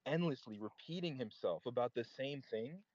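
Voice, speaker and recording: A man's voice: mid-range voice, lively intonation, normal speed, a little mellow. A young man on a voice call, telling a long, rambling story in casual chat and filling it with "like". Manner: rambling storyteller, heavy filler "like". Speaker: caller on voice chat. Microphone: voice chat mic. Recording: dull lo-fi voice chat.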